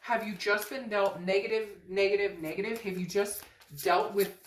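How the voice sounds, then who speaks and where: A woman's voice: medium pitch, steady tone, normal speed, slight background noise. A woman giving an earnest, emphatic tarot reading to her viewers, often repeating phrases. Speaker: tarot reader. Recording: echoey room.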